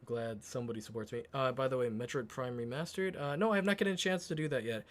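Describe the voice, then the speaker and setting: While painting a miniature on a live stream, a man chats casually and relaxedly with his viewers, swearing often and muttering quietly as he concentrates. His voice is medium-pitched and his pace quick.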